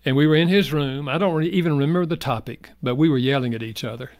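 An older man, a guest author, telling personal stories in an earnest, heartfelt way, going soft in emotional moments. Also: a little high, quick pace, dry recording, studio quality. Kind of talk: reflective personal storytelling.

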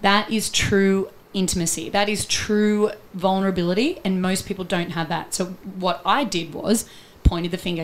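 A woman's voice: medium pitch, fairly even intonation, normal speed, a little hiss or hum. A woman relationship coach talking in an interview, explaining her ideas earnestly and walking through everyday examples. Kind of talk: conversational interview.

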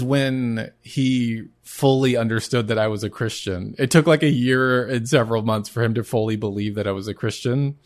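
A man of middle pitch tells his own story as a podcast host. He speaks earnestly and haltingly, starting over mid-sentence as he searches for words, in a plain personal testimony. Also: fairly even intonation. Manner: earnest, halting, many restarts.

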